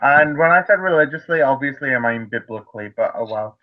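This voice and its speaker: Lively man swearing through casual chat. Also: mid-range voice, a little fast, narrow, tinny audio. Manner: swears often, animated and joking. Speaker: podcast co-host.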